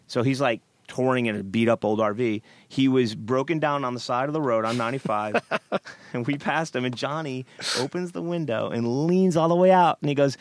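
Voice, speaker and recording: A man's voice: medium pitch, moderate pace, dry recording. A middle-aged man, a guest musician, telling stories in a podcast interview and acting out the people he quotes. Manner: animated storyteller acting out quoted voices.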